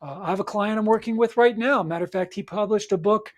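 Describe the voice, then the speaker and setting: Encouraging male podcast host, coaching tone. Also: quick pace. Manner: encouraging, repeats points with frequent "right?" and "all right?"; acts out nervous clients in a higher, louder voice. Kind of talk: motivational solo podcast talk.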